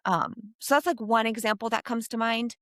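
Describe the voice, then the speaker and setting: A woman geropsychologist answering interview questions in a thoughtful, animated way, with frequent fillers. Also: on the high side, a little fast, no echo, clean studio sound. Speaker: geropsychologist guest.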